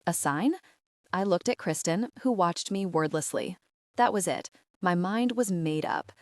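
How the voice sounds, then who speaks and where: A woman narrating a first-person romance audiobook in a steady, even voice, read close to the mic. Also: lowish voice, a little slow, no echo.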